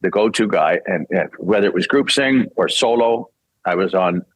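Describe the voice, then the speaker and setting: Animated older man telling a story. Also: low voice, moderate pace, dry recording, rough recording. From Canada. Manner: animated, acts out quoted voices and laughs often. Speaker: voice actor and singer interviewee. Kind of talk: casual anecdotal storytelling.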